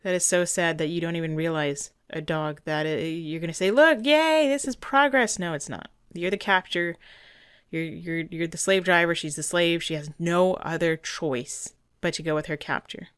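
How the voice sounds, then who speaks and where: A woman's voice: deep voice, little pitch movement, normal speed, clean tone, no room sound, clean studio sound. A woman dog trainer giving earnest, indignant commentary over a training video, often restarting her sentences.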